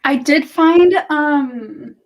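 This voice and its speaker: Host: young woman, slow, unhurried speech, chatty and quick to laugh on a video call. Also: high voice. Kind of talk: casual video-call chat.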